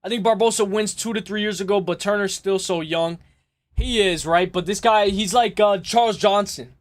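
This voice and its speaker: A man hosting a live stream, chatting casually and excitably with his viewers and laughing often. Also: high voice, normal speed. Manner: excitable, laughs often, talks straight to chat. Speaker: livestream host.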